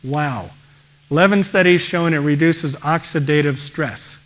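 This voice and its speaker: Energetic male pediatrician giving a talk. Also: on the high side, normal speed. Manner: energetic, exclaims wow often. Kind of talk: enthusiastic presentation talk.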